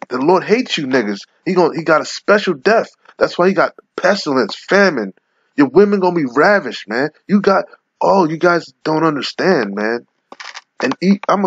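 A man's voice: on the high side, slightly rough, no room sound. A man giving an angry, profane rant in which he reads scripture aloud and lectures his listeners. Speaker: religious commentator. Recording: lo-fi muffled audio.

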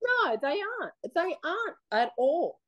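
A woman with an Australian accent, telling her own story in a blunt, animated, plain-spoken way during an interview. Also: extremely high pitch, measured pace. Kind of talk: casual personal storytelling.

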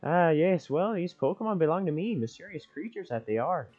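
A man's voice: fairly high pitch, big pitch swings, a little fast, slightly rough, phone-quality sound, soft background music, voice pushed up. A man putting on a fussy, genteel professor voice. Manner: theatrical, overly proper and polite. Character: fussy, genteel middle-aged male professor. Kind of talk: improvised dubbing of game dialogue.

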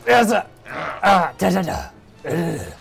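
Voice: medium pitch, very animated, slow pace, vocal fry, soft background music. A co-host playing against a friend in a casual let's-play, teasing and giggly. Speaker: gaming co-host.

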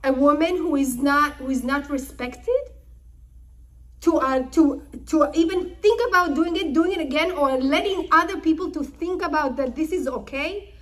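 A woman's voice: a little high, normal speed, hardly any pauses, dark tone, natural voice. A woman voicing two defiant young brothers who answer their father with firm, resolute declarations.

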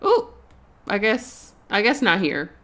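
A woman hosting a casual let's-play video, chatty and quick to laugh while she plays. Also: medium pitch, huge pitch swings, fairly bright tone. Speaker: gaming video host.

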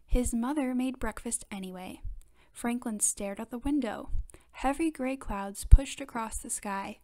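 A woman reading a children's picture book aloud with clear, expressive storytelling. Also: fairly high pitch, a little slow.

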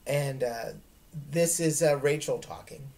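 A woman's voice: very deep voice, a little slow, dark tone. A woman teacher giving friendly instructions to her students in a recorded lesson.

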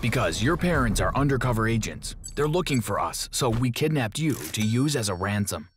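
A man voicing a menacing adult kidnapper in an animated story, speaking in curt threats. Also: medium pitch, moderate pace, a little hiss or hum, natural voice. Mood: threatening.

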